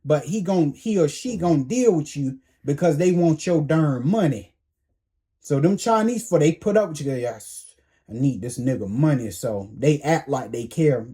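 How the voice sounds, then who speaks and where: A man's voice: a little high, animated, a little slow, mellow. A man preaching a sermon in a blunt, confrontational way, hammering home repeated commands in slangy everyday speech.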